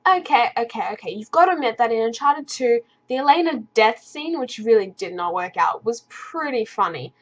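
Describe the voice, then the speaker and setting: A woman's voice: fairly high pitch, expressive, moderate pace, few pauses, highs cut off. A woman gaming vlogger in casual commentary, rambling enthusiastically with many fillers.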